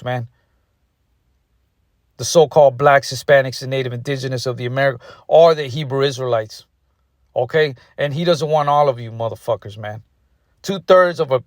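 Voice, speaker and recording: A man's voice: medium pitch, no echo, clean studio sound. A man preaching an angry, profane sermon, aggressive, ending nearly every phrase with "man". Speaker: street preacher.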